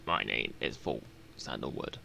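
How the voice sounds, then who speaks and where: A man voicing a very deep-voiced, grave male leader with a breathy tone. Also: animated, a little slow, sharp tone, slight background noise, full character voice.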